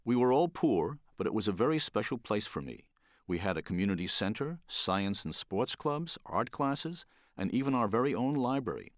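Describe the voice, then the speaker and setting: Animated older man telling wry stories. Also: lowish voice, moderate pace, no echo, studio quality. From the Bronx, New York. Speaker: children's book illustrator. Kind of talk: storytelling talk.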